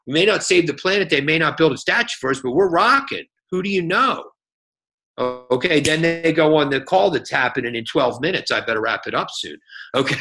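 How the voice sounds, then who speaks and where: A man as a guest speaker on a team phone call, giving an energetic, folksy sales pep talk and checking in with a frequent "okay?". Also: a little high, vocal fry.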